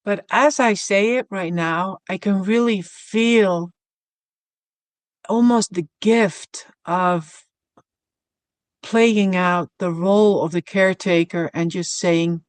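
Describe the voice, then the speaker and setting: Slow, soft-spoken woman telling a story. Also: mid-range voice, dry recording. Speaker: podcast guest. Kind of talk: reflective personal storytelling.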